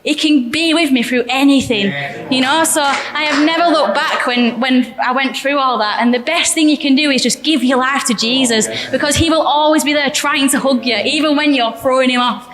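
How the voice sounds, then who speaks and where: A woman's voice: sits high, moderate pace, a crowd in the background. A young woman giving a candid, chatty personal testimony in church, often laughing. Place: church hall. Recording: echoey church hall reverb.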